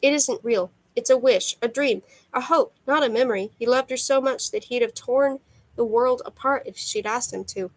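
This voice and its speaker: A woman's voice: a little high, moderate pace, no echo, lightly acted, low-quality recording. A woman voicing an earnest young male god who pleads urgently in a read-aloud novel. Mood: pleading.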